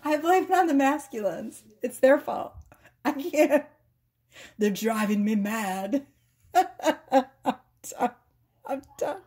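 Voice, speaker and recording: A woman's voice: high voice, slow pace, pauses often, darkish tone, husky. A woman tarot reader chatting casually with viewers, giggly, playful and sassy, laughing often. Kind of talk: casual tarot reading chat.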